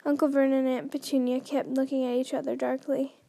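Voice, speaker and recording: Woman host reading aloud, high and soft-toned, dry close sound, frequent stumbles and restarts. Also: level tone, brisk, vocal fry, no room sound. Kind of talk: unrehearsed read-aloud narration.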